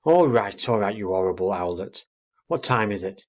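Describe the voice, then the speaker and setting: A man voicing a grumpy, sleepy father barn owl who speaks in a gruff, irritable, blustering way. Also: fairly low pitch, animated, moderate pace, close to an everyday voice. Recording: dull lo-fi recording.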